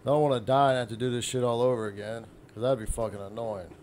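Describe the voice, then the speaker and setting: A man's voice: mid-range voice, level tone, quick pace, a little mellow, a little hiss or hum. Profane young man reacting to a game. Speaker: gaming channel host. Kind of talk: let's play commentary.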